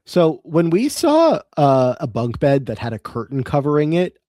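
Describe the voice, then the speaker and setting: A man co-hosting a podcast, recapping episodes in a relaxed, rambling way with many fillers. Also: on the high side, moderate pace, dry recording, studio quality. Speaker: podcast co-host. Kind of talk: casual podcast recap chat.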